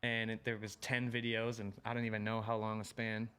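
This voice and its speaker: A man's voice: on the low side, completely flat delivery, fairly quick, a bit bright, smooth. A man in his thirties from Illinois, a guest on a podcast, chatting casually and telling stories with a lot of swearing. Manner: laid-back, swears a lot, tells stories with quoted exchanges. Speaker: podcast guest, pro BMX rider. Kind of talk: casual chat.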